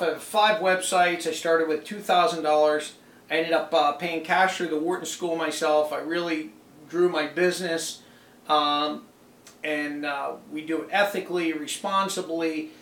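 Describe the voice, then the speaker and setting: A man's voice: fairly high pitch, a bit bright. A man who sells online, ranting to camera in an exasperated, indignant, emphatic way. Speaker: online seller. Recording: roomy echo, mic set back.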